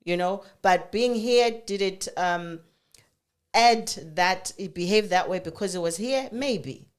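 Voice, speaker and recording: A middle-aged African woman with a mid-range voice tells family stories at a measured pace in a casual chat. She's an animated storyteller who laughs often and restarts her sentences many times.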